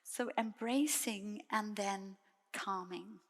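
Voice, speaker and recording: A Buddhist nun gives a dharma talk in a soft, gentle voice of middling pitch. She speaks slowly and leaves calm pauses between phrases. Her words ring out with the long reverb of a meditation hall.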